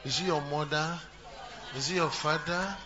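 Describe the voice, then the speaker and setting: At normal speed and a little high in pitch, a pastor preaches to his church congregation. His style is repetitive, with jokes and questions aimed at the listeners, and the audio is dull with a background hum.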